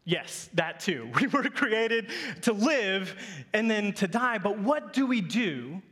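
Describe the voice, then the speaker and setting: A man's voice: high-pitched, very animated, slow pace, fairly bright tone. A male pastor in his thirties giving a sermon, telling a playful family story to his congregation.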